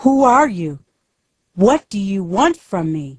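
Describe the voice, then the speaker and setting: A woman's voice: mid-range voice, very animated, takes it slowly. A woman voicing a scared, pleading rich man in a storybook reading. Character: frightened rich older man.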